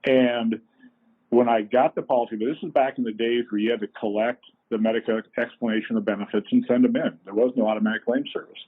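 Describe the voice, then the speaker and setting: A middle-aged man tells folksy, lively stories as a podcast guest. His voice is husky and sits at an ordinary pitch for a man. The sound is thin and boxy, like a phone line. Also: quick pace. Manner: folksy, animated storyteller. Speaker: company co-founder, guest. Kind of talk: anecdotal storytelling in a podcast interview.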